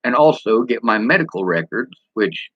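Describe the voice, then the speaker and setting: A man's voice: mid-range voice, sing-song, normal speed, fairly bright tone, no echo, lo-fi sound. A man talking frankly and bluntly to camera in a casual vlog, swearing freely. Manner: mimics speech impediments. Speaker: vlogger.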